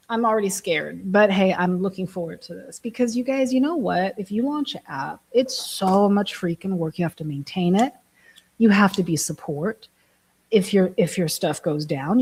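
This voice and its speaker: A woman's voice: medium pitch, expressive, moderate pace, a little mellow, slightly rough, rough recording. A woman from Germany chatting casually to camera, laughing often and making fun of herself. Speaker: vlogger, app builder.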